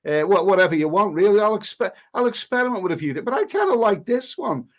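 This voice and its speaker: A man hosts a casual live stream and reads out viewers' messages in a voice that sits a little high. He answers with cheeky, joking banter, often stopping to restart his sentences. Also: big pitch swings, fast. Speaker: travel vlogger reading live chat.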